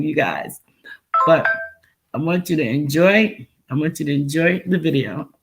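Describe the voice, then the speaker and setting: Low and gravelly, this woman's voice carries a mix of Texan and New York accents as she casually reacts to a video on her livestream, laughing frequently and saying the same phrases over and over.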